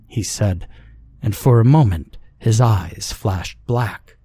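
Guy reading creepypastas, calm and slow, husky low voice, dry close mic. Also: dry recording. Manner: calm, measured storytelling. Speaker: narrator. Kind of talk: scripted horror story narration.

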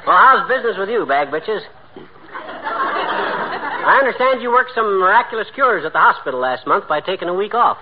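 A man's voice: sits high, expressive, moderate pace, pauses often, highs cut off, over a noisy crowd. A man playing a boastful, wisecracking husband trading insults in a 1940s radio comedy. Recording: noisy old radio recording.

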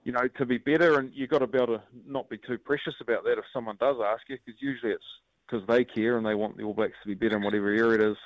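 A man talks as a guest on a radio show. He speaks relaxed and candidly, with frequent ums and you-knows, and his voice sounds dry. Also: mid-range voice, very fast, no echo, muffled recording. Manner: relaxed, honest, filler-heavy. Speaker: rugby coach guest. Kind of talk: casual interview.

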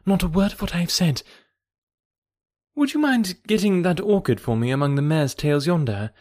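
A secretive young woman with a low, eager voice and a slight lisp, put on by a man reading an audiobook. Her lines are pitched high above his own and pressed into hushed, hurried pleas. The studio sound is dry and close. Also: animated, dry recording. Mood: polite. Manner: pleading in hushed, hurried warnings. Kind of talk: audiobook character voice.

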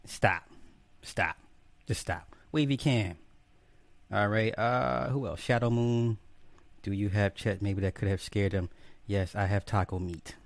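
A man's voice: lowish voice, measured pace, creaky, long pauses, dry recording. Casual, profane man streaming live. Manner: profane, joking, greets viewers by name one after another. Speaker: livestream host. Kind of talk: casual livestream chat.

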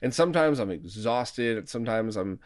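A man's voice: medium pitch, expressive, brisk. A man hosting a podcast, chatting casually and self-deprecatingly and laughing easily. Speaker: podcast host. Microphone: remote recording mic.

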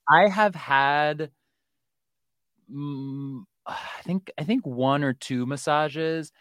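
A woman co-hosting a casual recap podcast, animated and acting out quotes. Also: low voice, drawn-out words, dry recording, clean studio sound. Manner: animated, restarts sentences, acts out quotes. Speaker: podcast co-host.

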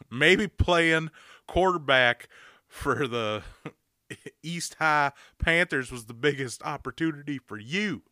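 A man in his thirties rants his way through a casual podcast chat, peppering everything with profanity and bursting into loud mock yells. His voice is bright and tense. The sound is dry and close. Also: on the high side, slow pace, no echo. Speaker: podcast co-host.

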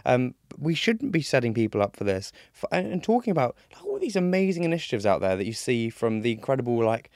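A man's voice: medium pitch, sing-song, fast, gravelly, few pauses, a little mellow, dry recording, studio quality. A young British man speaking earnestly as a podcast guest on mental health, with frequent fillers and restarts. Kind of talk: casual conversation.

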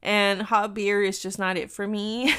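A woman's voice: mid-range voice, little pitch movement, measured pace, bright, forceful tone, smooth. A young adult woman telling a story to her viewers in a casual vlog. She is chatty, says "like" constantly, swears freely and laughs often as she talks. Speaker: vlogger.

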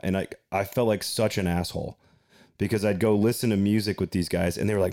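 A man's voice: lowish voice, steady tone, fast talker, dark tone. A man hosting a podcast, chatting casually in a self-deprecating, rambling way. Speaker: podcast host.

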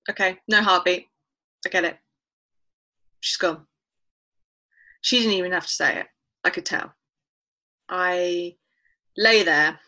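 Bright-voiced woman retelling loss. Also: fairly low pitch, slow, pauses often, rough recording. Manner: candid, emotional retelling with quoted dialogue. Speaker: guest. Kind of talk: personal storytelling in a podcast interview.

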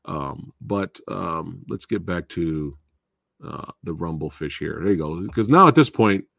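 A man's voice: deep voice, animated, unhurried, gravelly, fairly bright tone, no echo, clean studio sound. A man hosting a casual live movie show, recapping and reviewing a film in a rambling, chatty way. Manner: rambling and chatty, with fillers and laughs. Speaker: host of a movie talk show.

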